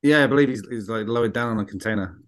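A man's voice: mid-range voice, rapid-fire. Hesitant, swearing man chatting films. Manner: hesitant, filler-heavy, profane, laughs easily. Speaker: podcast co-host. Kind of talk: casual chat.

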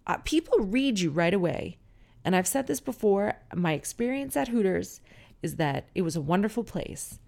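A woman's voice: mid-range voice, lively intonation, normal speed, gravelly, a little mellow. A middle-aged woman hosting a podcast, telling stories in a frank, chatty way and swearing casually. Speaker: podcast host. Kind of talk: casual solo podcast monologue.

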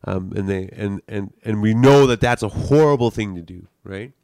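A man's voice: fairly low pitch, normal speed, darkish tone, dry recording, studio quality. A man from Canada, a comedian, chatting casually and telling a rambling story full of restarts, swearing and laughter. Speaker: comedian and podcast co-host. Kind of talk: casual chat.

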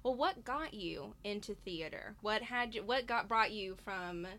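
A woman's voice: mid-range voice, animated, unhurried, a bit bright. A young woman from the American South co-hosting a podcast in casual chat, laughing often and restarting her sentences. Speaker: podcast co-host.

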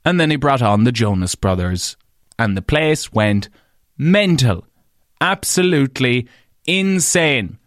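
A man with an Irish accent, a podcast and radio host, tells stories in a casual monologue. He swears freely and jumps up in pitch when he stresses a point. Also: slow pace, no echo, clean studio sound. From Ireland. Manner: animated, swears freely, leaps up in pitch for emphasis.

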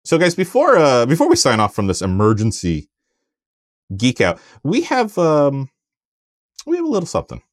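A man co-hosting a podcast in casual chat, animated, with plenty of fillers and restarts. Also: medium pitch, moderate pace, pauses often, dry recording, clean studio sound. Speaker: podcast co-host.

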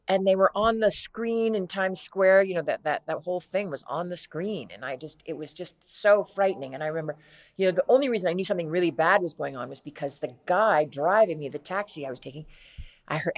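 A middle-aged actress, a guest, telling a long story in a casual interview, rambling and halting with many restarts. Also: female voice, lowish voice.

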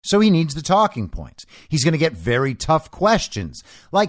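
A man hosts an opinion show, talking in a mocking, sarcastic way. His pitch rises and falls a lot as he drives his points home. The recording is dry and close. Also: sing-song, normal speed, hardly any pauses, no echo. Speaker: show host. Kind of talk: opinion commentary monologue.

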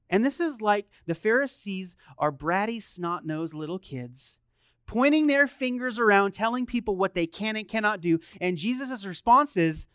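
A man's voice: sits high, animated, normal speed, fairly bright tone, clean tone, no echo, clean studio sound. A middle-aged male pastor preaching a sermon in a conversational way, often asking his listeners questions. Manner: conversational, asks the congregation questions.

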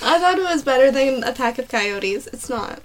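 Giggly teasing woman, high lively voice. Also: normal speed. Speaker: podcast co-host. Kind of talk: casual chat. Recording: audible background noise, ticking clock.

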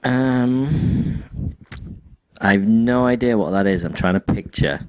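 A man's voice: fairly low pitch, slow, smooth. A young man co-hosting a podcast, chatting casually in a wry, storytelling way. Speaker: podcast co-host. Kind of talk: casual chat.

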